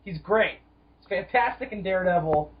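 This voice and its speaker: A man's voice: sits high, expressive, normal speed. A man co-hosting a casual film discussion podcast, emphatic and profane, ranting at times. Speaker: podcast co-host. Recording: dull lo-fi audio.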